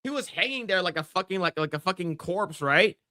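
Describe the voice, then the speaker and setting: Profane, lively podcast co-host. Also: male voice, brisk, no echo, studio quality. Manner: profane, laughing, acts out scenes in high voices. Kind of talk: casual chat.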